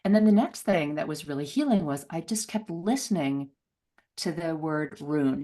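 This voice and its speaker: A middle-aged woman telling a personal story as an interview guest, laughing often and acting out voices with big jumps in pitch. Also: lively intonation, moderate pace, warm tone. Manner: laughs often, many fillers.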